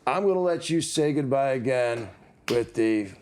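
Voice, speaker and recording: A man from Detroit who hosts a relaxed interview. He banters with his guest in an easygoing, joking way. His voice sits at a middle pitch. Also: moderate pace, clear, resonant tone. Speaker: podcast host. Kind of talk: casual interview chat.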